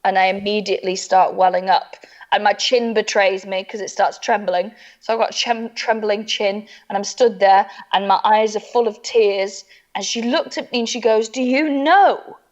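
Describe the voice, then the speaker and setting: A woman comedian telling a funny personal story, animated and laughing through it, acting out the voices of the people in it. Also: medium pitch, normal speed, highs cut off. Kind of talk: comic storytelling.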